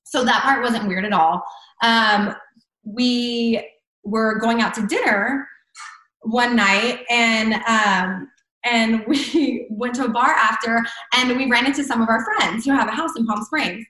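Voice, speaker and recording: A woman's voice: a little high, a little slow, sharp tone, echoey room, poor audio. A woman telling a personal story in casual chat, full of "like" and "I'm like" fillers. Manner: chatty, many fillers and "like". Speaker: guest.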